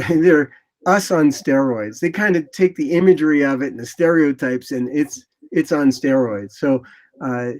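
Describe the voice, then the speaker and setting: Animated older man telling road stories. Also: a little high, moderate pace. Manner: animated, rambling anecdotes with lively quoted asides. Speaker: motorcycle photographer guest. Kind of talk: casual interview storytelling.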